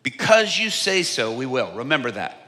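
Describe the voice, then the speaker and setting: A man's voice: medium pitch, sing-song, normal speed, bright, forceful tone, in a large hall. A man preaching a sermon, telling a story with humor at a conference. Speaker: evangelist. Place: large conference hall.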